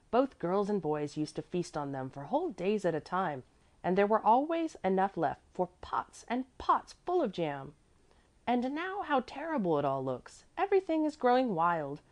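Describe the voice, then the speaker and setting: A woman reading aloud and voicing a fussy, devoted older woman servant who speaks earnestly and emphatically. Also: on the low side.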